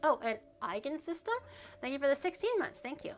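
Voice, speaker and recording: A woman's voice: high voice, fairly quick, faint music behind. Playful woman streamer baking and chatting. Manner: playful, teasing and animated, reacts to chat. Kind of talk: casual stream chat while baking. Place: home kitchen.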